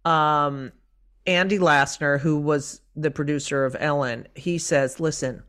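A woman's voice: deep voice, unhurried, smooth. A middle-aged woman comedian chatting on an interview show. She tells her stories with lots of energy, slipping into voices for the people she quotes and swearing freely. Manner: animated storyteller, acts out quotes, swears. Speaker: comedian guest. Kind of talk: casual interview chat.

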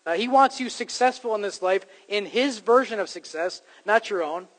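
A man's voice: high voice, expressive, moderate pace, a bit bright, poor audio. A man preaching a sermon to his congregation, in a conversational style that rises to emphatic points. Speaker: pastor.

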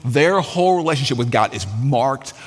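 A man's voice: mid-range voice, animated, normal speed, slightly rough. A man preaching a sermon in a conversational way, with colloquial asides and frequent restarts. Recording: long hall reverb.

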